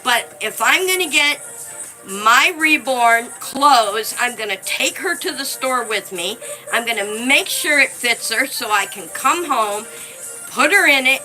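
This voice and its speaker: A woman's voice: high voice, poor audio. A woman hosting a casual live stream, chatting to viewers, thanking them by name and speaking fondly, with frequent restarts. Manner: chatty, thanks viewers by name, warmly fond of her dolls.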